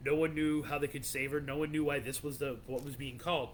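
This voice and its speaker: Brief: male podcast host, slightly high voice, loose storyteller, faint rumble behind. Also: level tone, fast talker. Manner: rambling, loose, many restarts and "like". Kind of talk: casual storytelling of legends.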